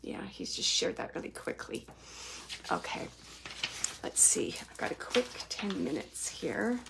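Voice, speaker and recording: A woman working as a psychic medium and host, giving live readings in a loose, halting way full of "like" and "um," and relaying messages from spirits in the first person. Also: on the low side, sing-song, vocal fry, heavy background noise.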